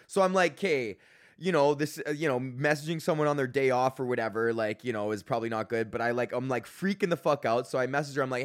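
A man's voice: medium pitch, animated, brisk, a bit bright. A young man hosting a podcast, telling a story in a casual rambling rant full of swearing, fillers and restarts. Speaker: podcast host. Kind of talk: casual ranting monologue.

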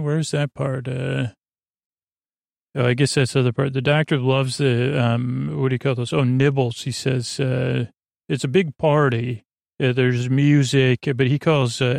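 Male podcast host, gravelly voice, loose rambling recap delivery, dry close sound. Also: medium pitch, fairly even intonation, measured pace, darkish tone, no echo. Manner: rambling, many ums and uhs, loosely quotes characters. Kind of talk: casual episode recap.

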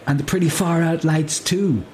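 A man's voice: fairly high pitch, fairly even intonation, normal speed, darkish tone, slight background noise, pitched above the performer's own voice, natural voice. A man voicing a laid-back young male hippie with a drawling, spaced-out manner. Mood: dreamy.

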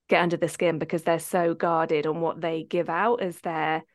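A woman's voice: fairly low pitch, no room sound, studio quality. A woman co-hosting a podcast, telling stories in a chatty way full of fillers and laughter. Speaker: podcast co-host. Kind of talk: casual interview chat.

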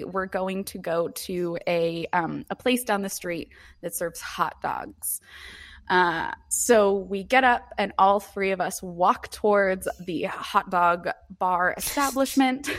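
A woman's voice: medium pitch, takes it slowly. A woman in her twenties co-hosting a podcast, telling a story in casual chat with frequent laughter and free swearing. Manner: animated, laughing often, swears freely. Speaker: podcast co-host.

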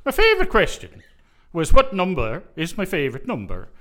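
A man's voice: huge pitch swings, brisk, fairly bright tone, full character voice. A man putting on a playful Irish accent as a jovial stage Irishman. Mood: jokey. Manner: hammy, playful, high-pitched. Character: jovial stage Irishman, middle-aged male.

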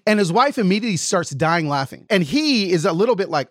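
A man hosting a podcast, telling a story with lively acted-out quotes in casual chat. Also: high-pitched, quick pace, hardly any pauses, dry recording, studio quality. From lives in Nashville, Tennessee. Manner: animated storyteller, acts out quotes. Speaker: podcast host.

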